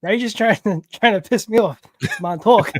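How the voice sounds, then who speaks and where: A man's voice: high voice, fast talker, dry recording. A man co-hosting a comic book podcast, brash and teasing, swearing freely. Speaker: podcast co-host. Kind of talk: casual chat about comics.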